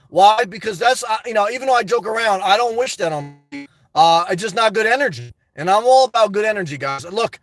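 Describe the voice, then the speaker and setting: A high-pitched man rambles through viewer comments on a live stream, joking and laughing easily and peppering his talk with "man" and "guys". He streams from inside a parked car, and the sound is close and dry with no room around it. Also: fairly bright tone, no room sound.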